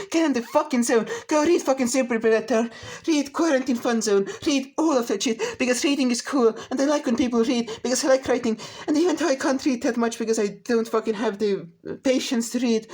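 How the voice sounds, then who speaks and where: A woman vlogger in a rambling monologue, ranting in a manic, fast-talking way and swearing heavily. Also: sits high, a little mellow.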